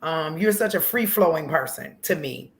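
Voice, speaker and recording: A woman host speaks warmly to her guest and offers encouragement. Her voice sits a little lower than most. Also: lively intonation, moderate pace, slight background noise. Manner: affirming, encouraging. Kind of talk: casual chat.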